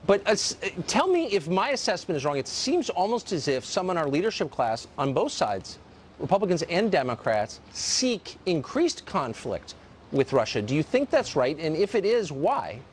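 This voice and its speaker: A male host of a televised news show questions his guest and then turns to commentary. His voice sits somewhat high, with pitch that moves a lot. He asks pointed questions, sometimes stumbling over the first words. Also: very animated, moderate pace, a little hiss or hum. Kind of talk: live TV news interview and commentary.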